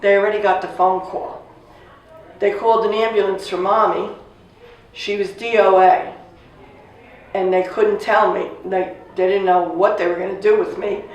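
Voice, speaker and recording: A woman in her sixties casually telling a family story, animated and acting out the voices of the people she quotes. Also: mid-range voice, normal speed, dull audio. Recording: echoey room, distant mic, faint noise.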